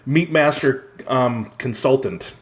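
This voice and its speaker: A man's voice: mid-range voice, slow pace, noisy background. A man co-hosting a podcast in casual chat, joking and laughing through rambling asides. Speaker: podcast co-host.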